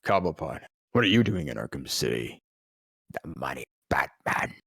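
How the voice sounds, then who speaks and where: A man doing a gruff, scheming crime boss. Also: rumbling low, very animated, normal speed, fairly bright tone, dry recording, studio quality, voice pushed down, full character voice. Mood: menacing.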